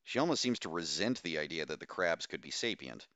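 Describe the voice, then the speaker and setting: A decisive female expedition commander snaps out short, urgent orders, as a man reads her in an audiobook. The voice stays low and forceful. The recording is dry and close. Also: big pitch swings, a little fast, no room sound, muffled recording, full character voice. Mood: thoughtful.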